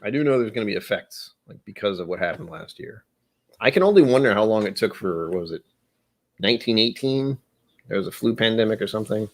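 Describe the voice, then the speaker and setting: A man with a somewhat low voice talks his way through a live tasting session. He muses aloud and wanders off track, then gently pokes fun at himself. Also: sing-song, fast. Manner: rambling, musing, self-deprecating. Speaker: host of a whiskey tasting stream. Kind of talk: casual live-stream chat while tasting.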